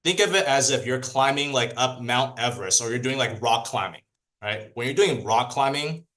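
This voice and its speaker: A man's voice: medium pitch, expressive, normal speed, fairly bright tone. A man giving a motivational training talk to his team in a casual, rambling way, full of fillers and restarts.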